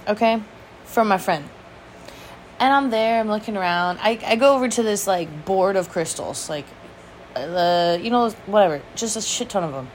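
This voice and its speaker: A woman's voice: medium pitch, animated, moderate pace, slight background noise. A woman hosting her own show, telling a rambling personal story in casual chat, swearing freely, laughing often and making fun of herself. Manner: self-mocking, rambling asides. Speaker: vlog host.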